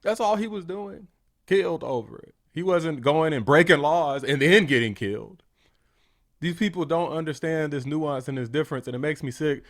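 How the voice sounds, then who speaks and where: A man's voice: on the high side, moderate pace. A man hosting a reaction commentary, ranting and mocking in a blunt, heated way. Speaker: political commentary host.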